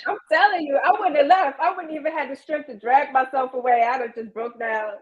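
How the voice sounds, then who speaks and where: A woman co-hosting a casual chat, animated and dramatic, laughing often and acting out quotes. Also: high voice, a little fast, highs cut off. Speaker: co-host. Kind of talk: casual chat among friends.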